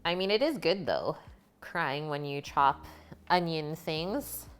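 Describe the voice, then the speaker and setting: A woman talks her way through a live cooking stream at an easy, unhurried pace, her pitch rising and falling freely as she chats. She greets viewers by name and answers their comments as she cooks in a home kitchen. Soft music plays faintly behind her. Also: expressive, clean tone. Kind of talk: casual chat while cooking.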